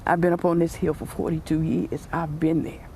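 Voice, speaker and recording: Older woman, gravelly low voice, slow and tearful, noisy news clip. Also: level tone, darkish tone. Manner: slow, emotional. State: close to tears. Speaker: interviewee, cafeteria worker. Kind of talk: news interview.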